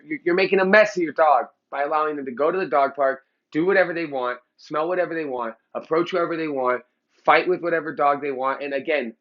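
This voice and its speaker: A Los Angeles dog trainer lectures the camera bluntly, heated and profane in his opinions. His voice is fairly high, and the audio sounds dull.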